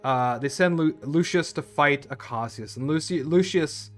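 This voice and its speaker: Over soft background music, a man with a slightly high voice recaps a film's plot at a moderate pace. As a film reviewer, he rants casually and profanely, rambling through tangents and frequent restarts.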